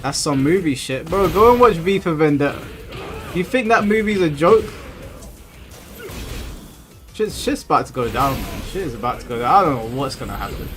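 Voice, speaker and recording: A man's voice: a little high, a little fast, slight background noise. A man hosting a gaming livestream, chatting bluntly and profanely with viewers. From England. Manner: blunt, profane, animated retelling. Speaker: livestream host. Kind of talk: casual chat reading viewer messages while gaming.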